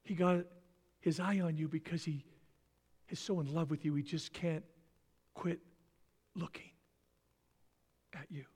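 An older man preaching a sermon dramatically, acting out voices and dropping into soft, near-whispered lines. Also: a little high, fairly even intonation, a little slow, long pauses, husky. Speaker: pastor. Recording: long reverb in a large hall.

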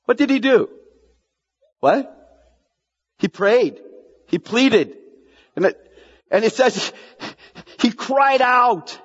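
A man's voice: high voice, slow pace, long pauses, breathy edge. A man preaching a sermon, repeating key phrases and asking the congregation questions. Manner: animated preaching, repeats lines for emphasis, asks the congregation questions. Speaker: pastor. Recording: dull sound, long hall reverb.

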